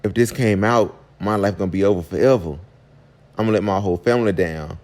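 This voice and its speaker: A man's voice: deep voice, fast, darkish tone, lightly acted. A man voicing a scared young athlete, pleading. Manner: begging, repeating himself.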